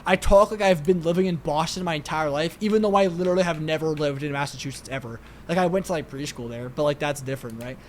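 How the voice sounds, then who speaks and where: A man's voice: fairly high pitch, fast, hardly any pauses, slight background noise. A young man with a New York accent, chatting casually as a podcast co-host, rambling and swearing with lots of filler words. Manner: rambling, profane, heavy use of "like".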